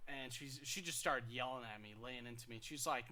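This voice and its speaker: A young man co-hosting a podcast, telling work stories in casual chat, getting loud and animated when he quotes people. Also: mid-range voice, brisk, few pauses. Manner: animated, rises loud when quoting people, stammers restarts. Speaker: podcast co-host.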